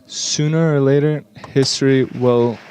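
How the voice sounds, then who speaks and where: A man giving an earnest, slightly halting English voice-over interpretation of speakers at a conference. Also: medium pitch, steady tone, a little mellow, slight background noise.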